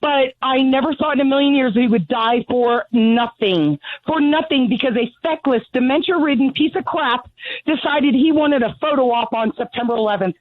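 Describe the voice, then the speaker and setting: A breathless middle-aged woman phones in, blunt and sarcastic, her anger raw. Her high voice comes through thin and tinny, as on a telephone line. The sound is dry and close, with no room around it. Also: normal speed, no room sound. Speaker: caller. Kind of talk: call-in radio rant.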